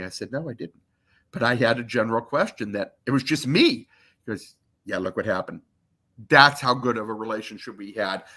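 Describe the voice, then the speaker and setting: A man in his fifties, a podcast interview guest, telling a long personal story, acting out quotes and swearing freely. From Michigan. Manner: animated, acts out quotes with big pitch jumps.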